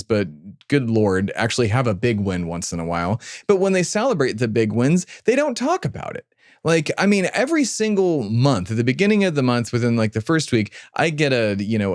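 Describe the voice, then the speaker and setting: A man's voice: medium pitch, dry recording, clean studio sound. A man co-hosting a political podcast, rambling and exasperated, swearing freely in casual chat. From United States. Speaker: podcast co-host.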